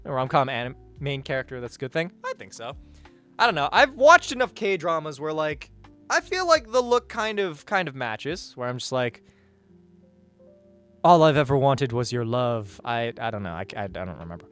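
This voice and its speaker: A young-sounding man talks loosely into a streaming mic, his pitch bouncing up and down as he rambles. He hesitates often, swears casually and reacts to chat. Faint music plays behind him. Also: very animated, fairly quick, sharp tone. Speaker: livestreamer reading chat.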